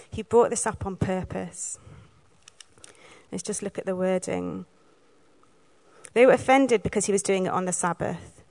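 A woman from Wales giving a sermon, telling the story in a lively way and acting out the lines she quotes. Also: medium pitch, vocal fry. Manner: lively storytelling, acts out quoted lines, laughs now and then. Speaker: preacher.

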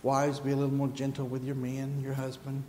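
A male pastor delivering a sermon, speaking gently and slowly, with moments of rising fervent emphasis. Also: mid-range voice, completely flat delivery, big-room sound, a little hiss or hum. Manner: soft, slow, then rising to fervent emphasis. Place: church sanctuary.

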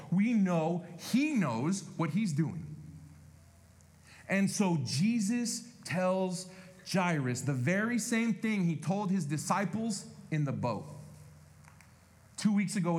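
A pastor preaching a conversational sermon, speaking to the congregation directly and animatedly. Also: male voice, on the high side, darkish tone.

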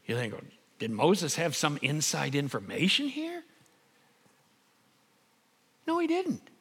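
A middle-aged man preaching a sermon as pastor, emphatic and building to loud peaks. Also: a little high, huge pitch swings, slow pace, breathy edge, long reverb tail.

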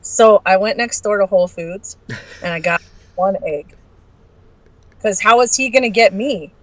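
A woman's voice: mid-range voice, unhurried, no echo, rough recording. Brash, profane woman telling a story. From Arizona. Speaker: guest. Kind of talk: casual podcast storytelling.

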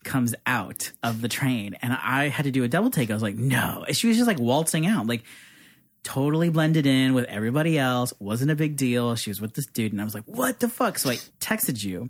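A man co-hosts a casual podcast from a small studio and tells stories in a lively way, acting out the quotes. His voice sits in the middle of a man's range. The recording is close and dry. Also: mid-range voice, a little fast, no room sound. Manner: animated storytelling, acts out quotes. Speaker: co-host and producer. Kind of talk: casual chat.

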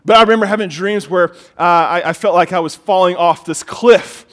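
A middle-aged man preaching a sermon as pastor, telling stories in an animated way and often repeating words as he gets excited. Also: on the high side, fairly quick.

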